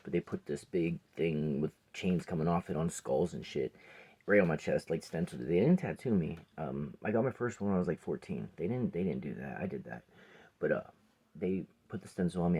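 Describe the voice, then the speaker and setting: A man's voice: low-pitched, a little mellow, husky. A man in his forties telling a rambling personal story to camera, swearing often and sometimes dropping to a near whisper. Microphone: phone or camera close by.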